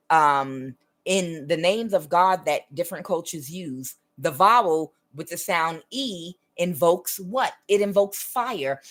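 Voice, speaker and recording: A woman with a somewhat low voice gives a casual spiritual monologue on her own channel. She speaks earnestly and stresses her points, often checking in with the listener. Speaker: tarot reader and spiritual channel host.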